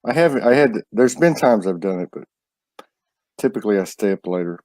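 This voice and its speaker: A man hosting a live online show in a relaxed, teasing way, often stumbling and restarting his sentences. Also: on the low side, brisk, no room sound. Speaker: show host. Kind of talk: casual live-stream hosting.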